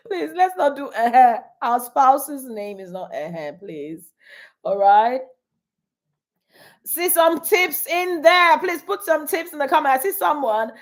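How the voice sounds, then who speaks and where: A middle-aged woman, coaching married couples on a live stream, animated, laughing often and reading viewer comments aloud. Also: high voice.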